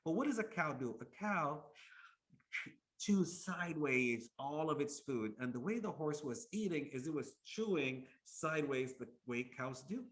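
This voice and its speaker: A man voicing a wise, experienced adult male minister who calmly explains with emphasis. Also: a little high, a little slow. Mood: explaining.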